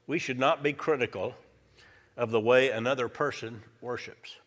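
A man's voice: medium pitch, normal speed, a bit bright. A male pastor preaching a sermon, emphatic and repeating his key lines for effect. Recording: reverberant church hall.

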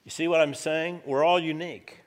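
A man's voice: a little high, fairly even intonation, moderate pace. A male pastor preaching a sermon, emphatic and repeating his key lines for effect. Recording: reverberant church hall.

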